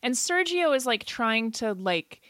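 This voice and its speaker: A woman's voice: fairly high pitch, very animated, measured pace, a bit bright, no echo, studio quality. A young woman co-hosting a podcast, chatting casually about a movie with lots of fillers and swearing. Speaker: podcast co-host.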